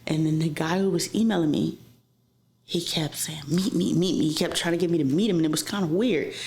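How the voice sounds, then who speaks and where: A woman with a lowish voice tells wild personal stories as a podcast guest, cursing freely and acting out what other people said. The talk is loose and animated, and an echoey room rings around her. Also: fairly quick, a little hiss or hum. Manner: profane, animated, acts out quoted voices. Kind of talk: casual storytelling interview.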